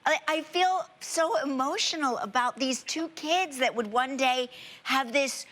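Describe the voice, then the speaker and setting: High bright effusive talk show host. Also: female voice, measured pace. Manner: effusive, emotional reactions.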